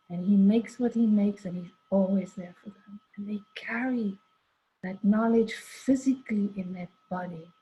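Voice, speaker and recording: In a mellow, medium-pitched voice, an older woman recounts something that happened to her, drifting conversationally through asides and quoted lines. It's a dull lo-fi recording.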